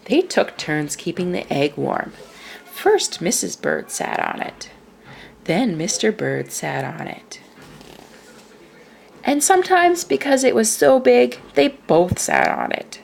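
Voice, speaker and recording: A woman reading a children's picture book aloud in a slow, expressive way. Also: mid-range voice, creaky. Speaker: storyteller.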